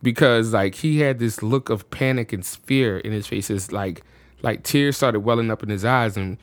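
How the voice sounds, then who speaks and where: Give me an animated male podcast guest from the United States telling a personal story in a dry, close recording. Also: lowish voice, moderate pace, no room sound. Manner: animated, with frequent fillers like "you know what I'm saying".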